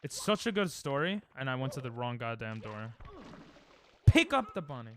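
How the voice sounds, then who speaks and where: A man's voice: medium pitch, sing-song, moderate pace, a bit bright, a little hiss or hum. A young man streaming a game live at home into a desk mic, joking crudely and sarcastically with chat and snapping at the game in frustrated outbursts.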